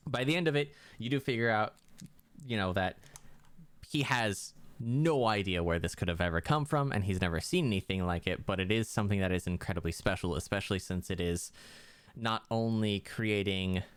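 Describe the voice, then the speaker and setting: A man's voice: lowish voice, moderate pace, smooth, dry recording. A man narrating as game master, rambling with many fillers and restarts.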